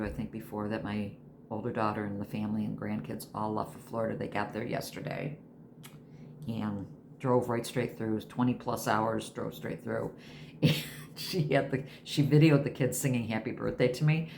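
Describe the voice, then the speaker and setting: A woman's voice: rumbling low, fairly even intonation, normal speed, creaky, a little mellow, slight background noise. A woman in her sixties chatting casually to camera at home, rambling from one thing to the next. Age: 60s. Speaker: vlogger.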